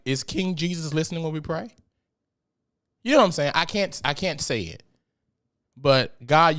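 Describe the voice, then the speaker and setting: A man's voice: a little high, fairly bright tone. Blunt, profane man ranting on a podcast. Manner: profane, blunt and joking, breaks into laughter; mock-preachy when addressing God. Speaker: podcast host. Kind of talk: casual solo podcast rant.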